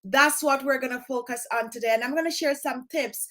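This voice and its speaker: A woman's voice: high-pitched, a little fast, a bit bright. A woman hosting a live skincare stream from home, chatting directly to her viewers. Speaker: skincare channel host.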